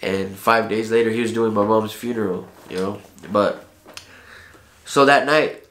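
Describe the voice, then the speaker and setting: A man's voice: lowish voice, steady tone, unhurried, a bit bright, slight background noise. A man telling a personal story in casual, heartfelt street slang, with frequent profanity. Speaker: vlogger. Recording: echoey room.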